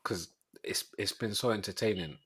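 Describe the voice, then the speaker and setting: A man's voice: on the low side, moderate pace, fairly bright tone, husky, no room sound. A young man hosting a live football reaction stream, talking in rambling, slang-heavy banter. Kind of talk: casual football reaction chat.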